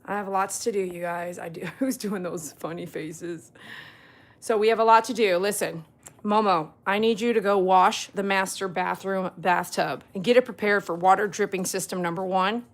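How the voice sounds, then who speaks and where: A woman's voice: medium pitch, moderate pace. A woman at home chatting playfully with her dogs, scolding them and laughing often. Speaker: vlogger, dog groomer. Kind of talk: casual talk to her dogs. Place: at home indoors.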